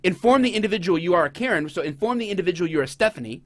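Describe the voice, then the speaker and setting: Sarcastic middle-aged male host, lively pitch, dry close sound. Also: racing, no room sound. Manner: animated, sarcastic. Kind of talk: casual commentary.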